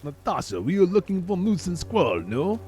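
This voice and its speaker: A man's voice: sits high, very animated, moderate pace, darkish tone, soft background music, voice pushed up. A man doing a hammy fake-Russian cartoon spy. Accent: put-on Russian. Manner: clumsy over-the-top impression. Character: cartoon Russian villain, male, scheming spy.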